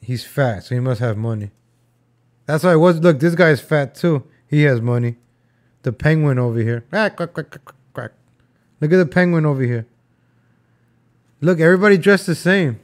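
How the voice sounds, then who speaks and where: A young man with a fairly high voice riffs on old film clips. He jokes and rambles, and he talks to his viewers as "guys" and "folks". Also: moderate pace, pauses often. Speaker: video host reacting to old footage. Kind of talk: casual reaction commentary.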